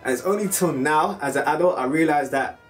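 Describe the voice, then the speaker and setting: A British man telling a story in a casual, animated way to his viewers, now and then breaking into loud film impressions. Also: a little high, fairly quick, far from the mic, soft background music. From United Kingdom. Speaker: vlogger.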